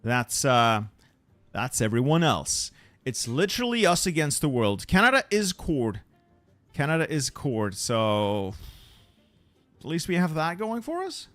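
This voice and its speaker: A man's voice: fairly high pitch, very animated, a little slow, a bit bright, dry recording, soft background music. A man giving casual commentary on his strategy game, chatting with viewers and muttering to himself as he plans. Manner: chatty, answers viewers, mutters repeated words. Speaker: gaming channel host.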